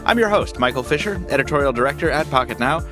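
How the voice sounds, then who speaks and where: A man's voice: mid-range voice, expressive, fast, over music. A man hosting a tech podcast, chatting casually with wry, joking asides. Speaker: podcast host.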